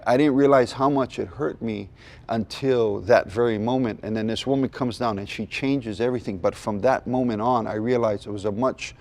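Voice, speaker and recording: Gravelly man. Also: mid-range voice, moderate pace, darkish tone. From Hawaii. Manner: earnest, with self-deprecating jokes. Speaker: comedian guest. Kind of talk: candid testimony in a chat.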